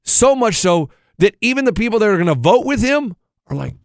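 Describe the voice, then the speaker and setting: High-voiced incredulous male radio cohost. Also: a little fast, no room sound, studio quality. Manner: animated storytelling, incredulous. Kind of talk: casual studio banter.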